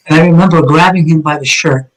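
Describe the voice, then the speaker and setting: Guy, middle-aged, telling his story hard and blunt, swears a lot, voice sits a bit high. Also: moderate pace, rough recording. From Massachusetts, USA. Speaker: guest, retired police detective. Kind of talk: personal story told in an interview.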